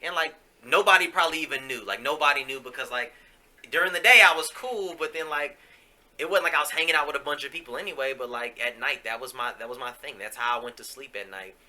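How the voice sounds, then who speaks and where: A man's voice: mid-range voice, fast talker, pushed and bright. A man hosting a podcast, telling a candid personal story in a casual, profane, confessional way with plenty of fillers. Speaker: podcast host.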